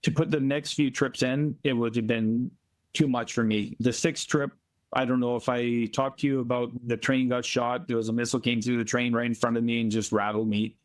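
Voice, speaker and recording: A man from Canada, a volunteer being interviewed remotely, telling earnest stories in a plainspoken, emphatic way and slowing down to stress points. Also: mid-range voice, level tone. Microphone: remote call from abroad.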